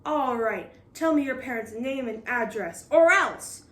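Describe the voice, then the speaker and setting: A woman voicing a gruff, short-tempered male pirate captain who growls and shouts threats in a storybook reading. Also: a little high, expressive, moderate pace, distant mic. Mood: blustering. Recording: roomy echo.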